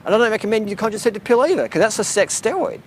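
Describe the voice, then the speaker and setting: A man's voice: high voice, expressive, rapid-fire, slight background noise. A man vlogging outdoors, ranting bluntly and profanely in a rambling way. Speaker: cycling vlogger. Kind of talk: casual rant to camera. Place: outdoors near a boat.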